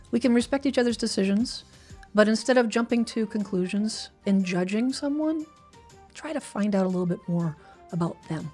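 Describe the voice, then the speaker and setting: A woman's voice: mid-range voice, normal speed, darkish tone, slightly rough, faint music behind. A woman hosting her weekly livestream, talking casually and rambling a little as she answers viewers' comments. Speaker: livestream host.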